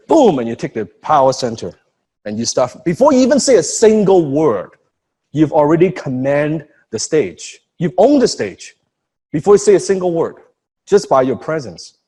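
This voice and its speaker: A man talks through public speaking tips in a relaxed conversation, animated and blunt. His voice swoops up and down a great deal and sits a little high. It has a husky edge, and he acts out little scenes as he goes. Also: a little slow. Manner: animated, profane, demonstrates with acted asides. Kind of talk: casual coaching chat.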